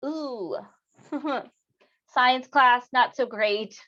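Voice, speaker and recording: A woman's voice: high-pitched, extremely slow, a bit bright, lo-fi sound. A woman teacher giving a lesson on emotions, acting out feelings expressively for her students.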